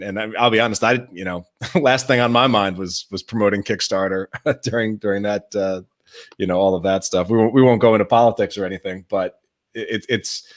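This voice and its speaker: Male writer-host, lowish voice, halting and chuckling, casual stream. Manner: halting, many fillers and restarts, chuckling. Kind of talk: casual livestream chat.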